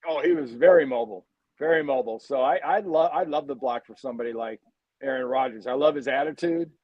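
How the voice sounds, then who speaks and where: A man's voice: medium pitch, fast, dry recording, lo-fi sound. A man in his sixties, a former football player guesting on a talk show, telling blunt, candid stories. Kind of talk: casual interview chat.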